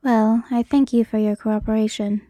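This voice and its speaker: A woman's voice: fairly high pitch, fairly even intonation, moderate pace, warm tone, no room sound, natural voice. Woman voicing H G, a smug charming thief. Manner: smug, teasing.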